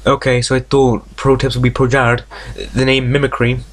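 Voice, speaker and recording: A man's voice: mid-range voice, level tone, moderate pace. A man hosting a let's play, reading a visual novel aloud and breaking off into jokes, tangents and frequent swearing. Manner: reads story text aloud, stumbling over words.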